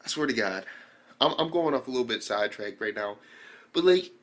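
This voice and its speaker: A young man, mid-pitched and ordinary in tone, races through a casual anime recap. He talks in excitable bursts packed with slang, swearing and the filler "like". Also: brisk. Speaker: anime reviewer.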